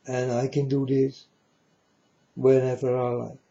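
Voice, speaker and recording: Slow, gravelly, dark-voiced man preaching. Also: medium pitch, monotone, lo-fi sound. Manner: emphatic, repetitive, keeps checking the listener understands; non-native, broken English grammar. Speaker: speaker addressing viewers. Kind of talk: preachy spoken monologue.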